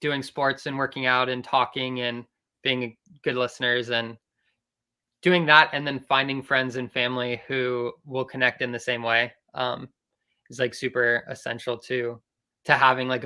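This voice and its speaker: Bright, smooth-voiced male band member. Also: mid-range voice, normal speed. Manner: earnest, advice-giving, steady. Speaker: band member, podcast guest. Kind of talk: casual interview chat.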